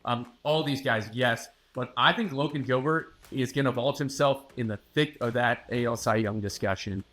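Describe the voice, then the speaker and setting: A man, a newspaper sports reporter, giving measured, confident analysis as a guest on a casual podcast chat. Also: medium pitch, fairly bright tone.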